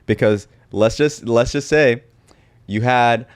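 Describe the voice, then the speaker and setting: A man's voice: mid-range voice, takes it slowly. A man co-hosting a podcast, chatting in a teasing, mock-dramatic way. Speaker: podcast co-host. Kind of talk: casual comedic chat.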